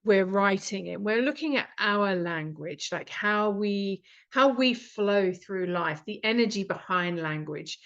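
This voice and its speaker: British woman, writing tutor, chatty and rambling, mid pitch, slightly muffled video-call sound. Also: measured pace, few pauses. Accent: British English. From Britain. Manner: chatty, many ums, lively asides. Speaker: writing course instructor. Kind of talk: online teaching session.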